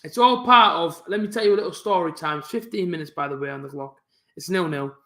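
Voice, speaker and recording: A young man, chatting casually on a live football watch-along, talking fast with a stutter and some mumbling. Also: fairly high pitch, vocal fry, bright, forceful tone, reverberant. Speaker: football fan streamer hosting a live match watch-along. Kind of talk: casual live-stream chat.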